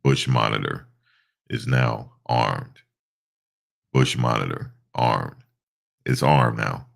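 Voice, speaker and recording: A stuffed-up man putting on a slow, solemn voice of a deep robot leader making an announcement. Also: animated, creaky, heavily acted.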